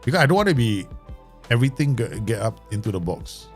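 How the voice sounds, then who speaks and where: A man's voice: medium pitch, big pitch swings, fast talker, faint music behind. A man giving casual live commentary as he plays a football management game, rambling, swearing and laughing often. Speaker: game streamer.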